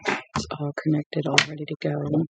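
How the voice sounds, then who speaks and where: A woman's voice: low-pitched, completely flat delivery, normal speed, creaky, noisy background. A tired woman in her forties, a book-reading stream host, rambling through a casual story at home. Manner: chatty storyteller who drifts off topic. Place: at home with dogs.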